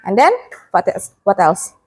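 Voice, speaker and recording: A woman's voice: mid-range voice, sing-song, a little slow, a little mellow, husky. A young woman teaching a primary school class, repeating words and prompting the children to answer.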